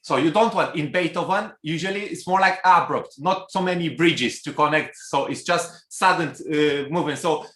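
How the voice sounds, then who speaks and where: A man coaching a cello student in a masterclass, pausing often with fillers and singing phrases aloud to show them. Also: a little high, sharp tone. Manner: hesitant, many fillers, sings phrases aloud. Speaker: cello teacher. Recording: roomy hall with instrument music.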